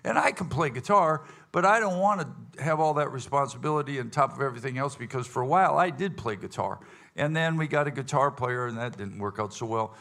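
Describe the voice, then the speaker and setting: A man's voice: mid-range voice, expressive, a little fast, creaky, fairly bright tone. A man leading his band's casual question session with a live audience, rambling and folksy, full of fillers and restarts. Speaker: bandleader hosting a audience Q&A. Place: event hall with live audience.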